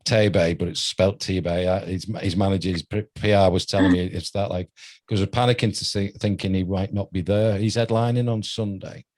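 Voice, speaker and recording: A man's voice: low-pitched, fairly even intonation, brisk, darkish tone. A man in his sixties with a British accent, a radio host telling chatty anecdotes in a casual interview. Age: 60s. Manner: chatty anecdotal storyteller, laughs often.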